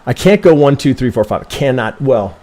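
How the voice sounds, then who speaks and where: A man's voice: mid-range voice, animated, moderate pace, dark tone. Rambling, swearing man thinking aloud. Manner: rambling, profane, constantly self-correcting, asks "right?"; thinks aloud while working through charts. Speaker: trading educator reviewing member charts. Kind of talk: casual live-stream chart analysis.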